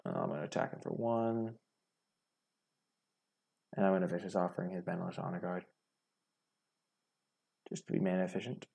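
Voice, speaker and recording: A young man with a very low, gravelly voice that has a husky edge, chatting casually through his own card game. He thinks aloud and picks apart his own plays as he goes. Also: fairly even intonation, normal speed, long pauses, warm tone. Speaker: gaming streamer. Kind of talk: casual gameplay commentary.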